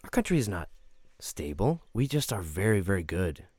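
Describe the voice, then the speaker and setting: A man's voice: sits low, very animated, normal speed, a little mellow, no room sound. A man hosting a podcast, talking in a casual, profane and emphatic way. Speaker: podcast host. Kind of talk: casual commentary.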